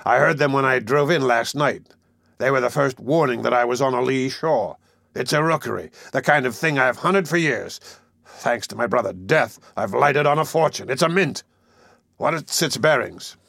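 A man reading an audiobook voices a domineering, ruthless sea captain in a slow, measured, contemptuous way. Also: medium pitch, creaky, a bit bright, no echo, studio quality. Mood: scornful. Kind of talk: audiobook character voice.

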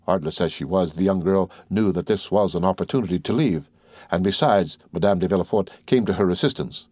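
A man narrating a classic novel as an audiobook in a steady, measured way. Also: low voice, no echo, clean studio sound.

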